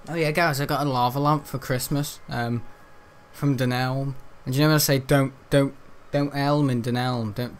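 A man's voice: fairly high pitch, a little hiss or hum. Chatty young man gaming. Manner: rambling, chatty and jokey, laughs at own jokes. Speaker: gaming channel host. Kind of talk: casual let's-play commentary.

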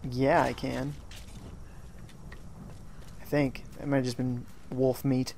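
A man's voice: mid-range voice, little pitch movement, slow, vocal fry, a little mellow, a little hiss or hum. A man giving live commentary on a video game, joking and reading viewer chat aloud from home. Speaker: gaming streamer. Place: at home during a rainstorm.

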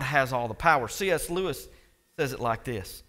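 With an expressive, medium-pitched voice, a male pastor preaches at a moderate pace. He speaks right to his congregation, shifting from quiet remarks to loud, passionate lines.

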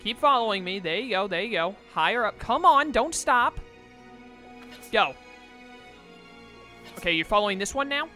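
A man's voice: sits high, animated, a little fast, long pauses, pushed and bright, soft background music. A young man casually commenting on a video game as he plays, often exasperated and talking back to the game. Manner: exasperated, chatty, talks to the game. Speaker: let's play host.

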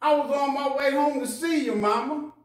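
High-pitched eager prodigal son as a preacher plays him, earnest, sermon story, echoey hall from far off. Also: male voice, moderate pace. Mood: joyful. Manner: excited, earnest.

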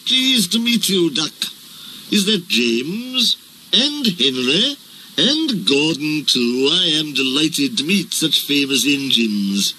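A man playing a smug, oily-voiced male diesel engine from a storybook, purring every word with pompous charm. The voice sits high and bright, and the lines come slowly and smoothly. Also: big pitch swings, slight background noise, exaggerated voice, low-quality recording. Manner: pompous, ingratiating.

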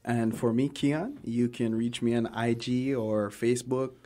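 A man who is a guest author on a talk show, answering warmly and affirming what the host says. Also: mid-range voice, fairly even intonation, a little slow. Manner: affirming, responsive. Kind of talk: casual interview.

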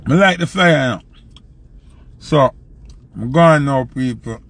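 A young man with a Jamaican accent, a selector telling a loose, animated story in patois and acting out the quotes. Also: mid-range voice, takes it slowly, gravelly, breathy edge. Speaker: dancehall selector. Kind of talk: casual storytelling.

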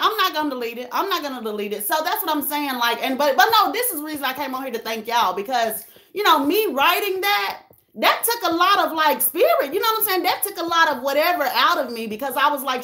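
A woman with a high voice talks into the camera in a personal vlog. She speaks earnestly and emotionally, circles back over the same words and addresses her viewers directly. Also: pushed and bright. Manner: earnest, repeats herself, talks straight to viewers. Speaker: vlogger.

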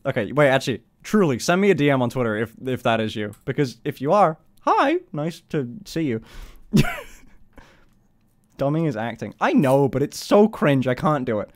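A man's voice: medium pitch, sing-song, moderate pace. A man in his twenties chatting casually on a live stream, swearing freely, laughing often and rambling in a self-conscious way. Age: 20s.

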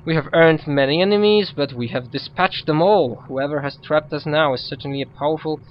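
A man's voice: a little high, a little fast, highs cut off, slight background noise, close to an everyday voice. A man who is not a native English speaker, reading a stern female druid's lines aloud in his own plain voice. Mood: steady. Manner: reads written dialogue aloud in a plain voice.

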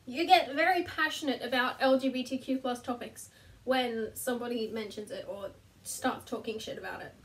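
A woman's voice: high-pitched, moderate pace, far from the mic, noisy background. A young woman chatting casually to camera from her bedroom floor, self-deprecating and laughing at herself. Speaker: vlogger. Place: bedroom, sitting on the floor between two beds.

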